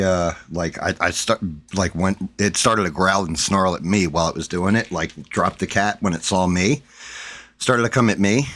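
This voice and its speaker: A man with a very deep, low voice tells a long story on his stream. He rambles, swears freely and restarts his sentences often, like casual chat with his viewers. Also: fairly bright tone. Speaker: stream host.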